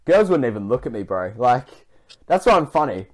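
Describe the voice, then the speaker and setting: A man's voice: medium pitch, very animated, brisk. A man hosting a podcast, joking and teasing his guest in casual banter. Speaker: podcast host. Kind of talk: casual chat.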